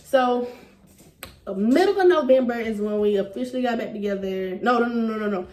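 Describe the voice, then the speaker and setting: A young woman in her twenties tells a story in casual slang, lively and quick to laugh. She sits a little back from the mic, and the room gives her voice a roomy echo. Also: on the high side, far from the mic. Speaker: vlogger telling a couple's story.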